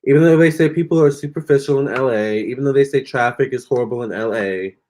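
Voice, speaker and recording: A tarot reader from Virginia talks fast in a medium-pitched, slightly dark voice. Reading cards on a live stream, he responds to viewers' comments with sass and chatter, addressing them as girl and honey.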